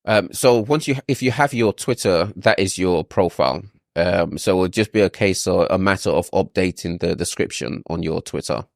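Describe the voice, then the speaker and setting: Low-voiced man patiently explaining. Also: moderate pace, vocal fry, few pauses, no echo, clean studio sound. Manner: patient, explanatory, frequent ums and restarts. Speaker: SEO consultant. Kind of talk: advisory video call.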